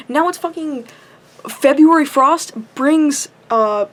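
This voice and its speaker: A young woman with a high voice vents to her camera in a long, impassioned rant. She sounds tired and up too late, and her frustration spills out in constant swearing. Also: expressive, normal speed. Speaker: vlogger. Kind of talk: ranting to camera.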